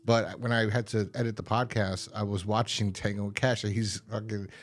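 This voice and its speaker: With a fairly low, brisk voice that barely moves in pitch, a man co-hosts a podcast. It's a casual review chat, and he wanders through rambling stories with frequent laughter.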